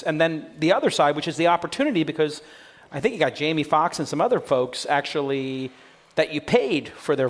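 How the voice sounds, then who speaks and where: An American man hosting a live interview on a conference stage, his voice sitting slightly high. He tells stories fast, with jokes and asides, animated throughout. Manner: fast, joking, animated storytelling. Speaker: podcast host interviewing a guest.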